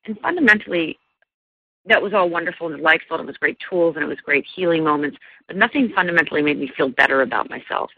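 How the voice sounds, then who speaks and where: A woman's voice: low-pitched, fast talker, husky. A woman, a life coach, earnestly telling a personal story in an interview, with many fillers and restarts. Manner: earnest, many fillers and restarts, mimics voices when quoting. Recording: dull lo-fi radio sound, dry.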